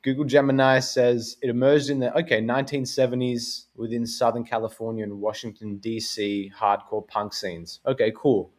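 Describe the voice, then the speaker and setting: A man's voice: medium pitch, fairly even intonation, moderate pace, few pauses, a little mellow. Laid-back rambling Australian man. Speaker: podcast host. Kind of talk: casual chat.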